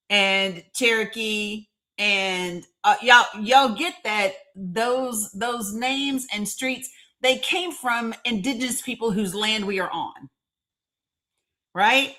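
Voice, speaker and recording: A woman's voice: medium pitch, fairly even intonation, takes it slowly, bright, forceful tone. A woman with a Northeast Tennessee accent hosting a live stream, chatting emphatically and calling out commenters by name. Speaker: livestream host.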